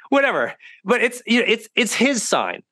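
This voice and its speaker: Animated male podcast host. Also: very high-pitched, normal speed. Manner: animated, swings into loud acted quotes. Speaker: high performance coach. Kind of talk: conversational podcast storytelling.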